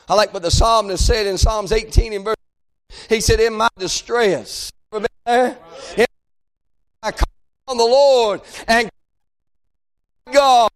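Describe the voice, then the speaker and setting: Male preacher, very high pitch, fervent shouting revival delivery. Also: clear, resonant tone. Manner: fervent, shouting, drawn-out phrases. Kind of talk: revival sermon.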